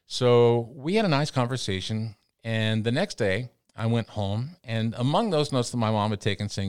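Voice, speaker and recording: A middle-aged man from the Amarillo, Texas area, a radio broadcaster, telling animated stories full of quoted dialogue as a guest in an interview. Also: on the low side, a little fast, hardly any pauses, smooth, no echo, clean studio sound. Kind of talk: casual storytelling.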